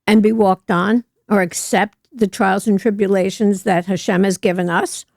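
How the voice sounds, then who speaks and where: A woman's voice: medium pitch, fairly even intonation, normal speed, vocal fry, darkish tone, dry recording, clean studio sound. A woman in her eighties with a New Jersey accent, speaking earnestly and reflectively as a podcast guest. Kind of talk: casual interview conversation.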